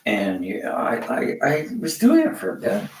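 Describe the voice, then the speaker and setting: An older man from Canada tells rambling personal stories in a gravelly, unhurried voice. His pitch swings a lot as he acts out the people he quotes. The sound is echoey, as if recorded in a bare room. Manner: rambling, animated storyteller acting out quoted voices. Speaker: vlogger.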